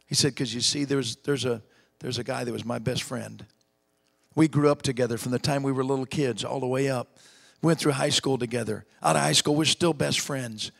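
A middle-aged man preaching a storytelling sermon in a folksy, emphatic way, dropping to a hush for heavy moments. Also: mid-range voice, steady tone, brisk, gravelly, big-room sound. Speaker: evangelist preacher.

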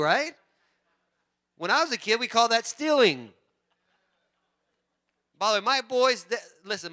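A man pastor preaching a sermon in church, animated and joking with the congregation. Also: sits high. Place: church sanctuary.

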